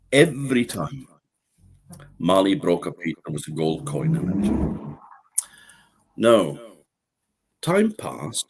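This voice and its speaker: A man with an Orkney accent telling a folk tale in a lively, animated way. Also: deep voice, gravelly, husky. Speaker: storyteller.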